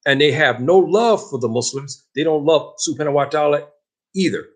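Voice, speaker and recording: A man with a husky, slightly rough voice delivering a religious lesson. He preaches with passion and drives his points home with heavy emphasis. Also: fairly high pitch, a little fast. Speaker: Islamic teacher.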